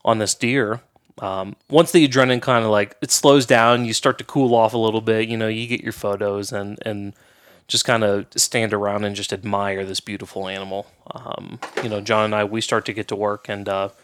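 A man telling a hunting story in casual chat, in a measured way with many fillers. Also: on the low side, steady tone, fairly bright tone, clean tone. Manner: slow, measured, lots of fillers. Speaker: podcast guest, hunter.

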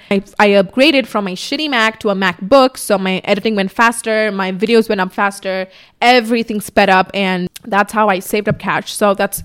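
A woman's voice: medium pitch, fairly bright tone, smooth. Chatty young woman vlogging candidly. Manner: chatty, candid, swears casually. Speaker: YouTuber. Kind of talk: casual sit-down vlog. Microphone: camera on tripod in front of her.

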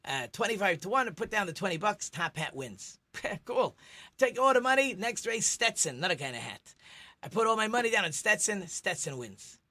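A man's voice: high voice, very animated, moderate pace, sharp tone. A middle-aged man, a rabbi hosting a radio talk show, chatty and teacherly, telling jokes.

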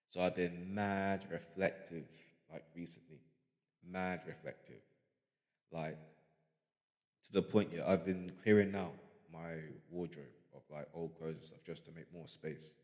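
A man's voice: low-pitched, darkish tone, big-room sound. A young man hosting a casual solo podcast, rambling and laid-back, leaning on slang and fillers as he muses. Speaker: podcast host.

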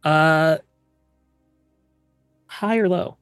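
A man's voice: a little high, drawn-out words, a bit bright, smooth, faint music behind. A man running a tabletop superhero game as game master, with dry teasing remarks.

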